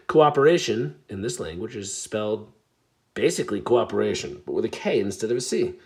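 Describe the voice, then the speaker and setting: A man casually chatting to his viewers while opening trading card packs, chatty and self-deprecating, with bursts of excitement. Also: lowish voice, a little fast. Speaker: card pack opening vlogger. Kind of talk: casual pack-opening commentary.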